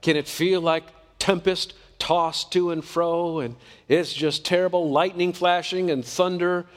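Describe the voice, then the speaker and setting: A man's voice: fairly high pitch, steady tone, a little slow, in a large hall. A man preaching a sermon in an earnest, conversational way, often asking the congregation questions.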